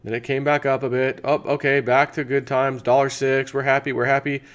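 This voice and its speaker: A man's voice: mid-range voice, flat delivery, fairly quick. Chatty American man rambling on camera. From United States. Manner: chatty, rambling, thinks aloud with restarts. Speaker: channel host. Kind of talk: casual sponsor segment.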